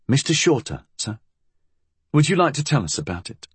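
A man voicing a courteous, calm police inspector who keeps calling people sir. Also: mid-range voice, moderate pace, husky, dry recording, voice pushed up.

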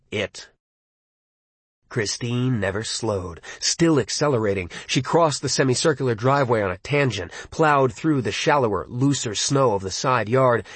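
A man reading a suspenseful novel aloud as an audiobook, in a measured, dramatic storytelling style. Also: medium pitch, slightly rough, dry recording. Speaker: audiobook narrator.

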